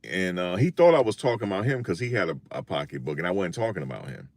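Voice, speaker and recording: Low-voiced older New man joking. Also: fast talker. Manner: animated, jokey, repeats himself. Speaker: vlogger. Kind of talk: casual storytelling monologue.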